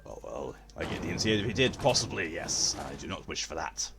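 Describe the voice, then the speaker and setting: A man's voice: extremely low pitch, sing-song, brisk, gravelly, over music. A male streamer, chatting casually with his stream chat in a theatrical, posh-leaning way.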